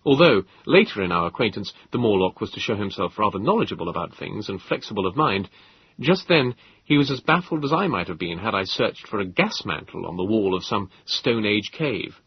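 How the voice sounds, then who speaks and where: A man narrating an audiobook in a measured, expressive storytelling manner. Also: on the low side, breathy edge, lo-fi sound. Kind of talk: scripted narration.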